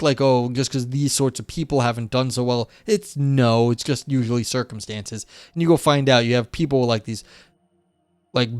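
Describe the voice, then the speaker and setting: A man's voice: medium pitch, smooth, no echo. Rambling man streaming philosophy commentary. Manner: rambling, filler-heavy, frequent "you know" and "like". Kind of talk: casual live-stream commentary and reading aloud.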